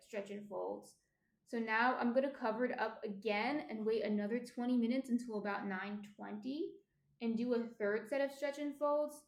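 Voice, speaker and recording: A woman with a New Jersey accent chatting casually with her live-stream viewers as she bakes at home, often trailing off with ums. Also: fairly high pitch. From New Jersey, USA. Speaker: baking streamer. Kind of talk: casual live-stream chat while baking. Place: home indoors near kitchen. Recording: roomy echo.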